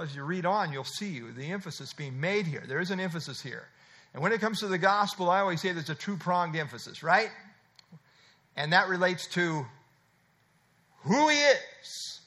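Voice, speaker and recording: A man's voice: a little high, expressive, moderate pace, sharp tone. A man preaching a sermon, explaining scripture verse by verse with repeated emphatic phrases and frequent uh fillers. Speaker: pastor.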